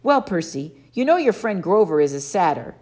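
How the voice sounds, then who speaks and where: Woman playing a wise, gentle old-fashioned teacher. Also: on the low side, big pitch swings, moderate pace, pitched above the performer's own voice. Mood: kindly. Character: kindly wise male teacher, patient and gentle.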